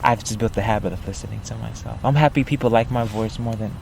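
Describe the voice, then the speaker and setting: A soft-spoken man with a light voice. He stretches his syllables and lets his lines hang, whether reading a poem or chatting, and there is faint street noise behind him. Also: fairly low pitch, fast, vocal fry. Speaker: poet, podcast guest. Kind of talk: poetry reading and casual chat.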